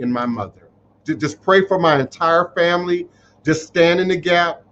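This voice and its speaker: A man speaks to his live-stream viewers in a raised, fairly high voice, preachy and openly emotional. He repeats lines for weight as he answers their comments. The sound is dull and lo-fi, with a faint hiss underneath. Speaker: spiritual teacher hosting a live stream. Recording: muffled livestream audio.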